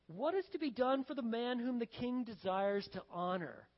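A man's voice: very high-pitched, animated, normal speed. A man putting on a commanding ancient king. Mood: questioning. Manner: questioning, commanding. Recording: dull lo-fi sound with long hall reverb.

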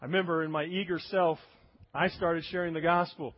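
A man's voice: on the high side, level tone, fairly quick, lo-fi sound. A man preaching a sermon, emphatic, acting out quoted voices as he goes. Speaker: pastor.

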